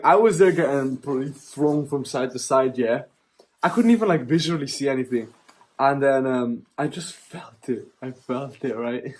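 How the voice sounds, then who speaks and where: A young man vlogging, telling a story in casual, animated speech, often laughing and tacking on "yeah?" and "right?". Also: medium pitch.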